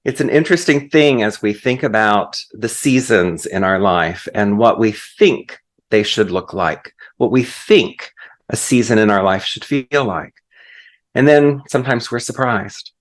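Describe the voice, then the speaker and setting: A man's voice: lowish voice, measured pace. A man preaching as a guest minister, leading a prayer and then telling a story in a sermon.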